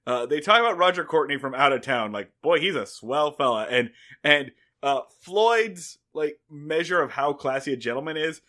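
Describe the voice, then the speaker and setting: A man's voice: fairly high pitch, lively intonation, moderate pace, bright, forceful tone. A man co-hosting a podcast, wryly recapping a sitcom episode in casual chat. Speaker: podcast co-host.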